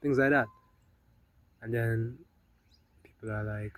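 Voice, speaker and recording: A man talks through spiritual self-help ideas in a loose, conversational way. His voice sits at an ordinary middle pitch, and he keeps checking in with "right?" and "you know?". He swings between louder and softer stretches. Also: fairly even intonation, slow, long pauses. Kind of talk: casual spiritual talk.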